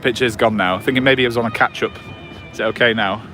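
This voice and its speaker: Speaking fast in a lowish, fairly even, sharp-toned voice, an English livestreamer in his forties chats with viewers on a promenade after dark. He uses a phone on a gimbal and rambles with plenty of fillers and restarts while soft music plays.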